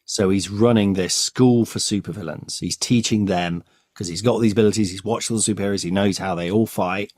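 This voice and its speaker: A man's voice: lowish voice, fairly even intonation, brisk, darkish tone, no room sound, studio quality. A man co-hosting a podcast, eagerly retelling comic stories and acting out the quotes. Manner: enthusiastic, storytelling, acts out quotes. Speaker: podcast co-host. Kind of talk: casual comic-book chat.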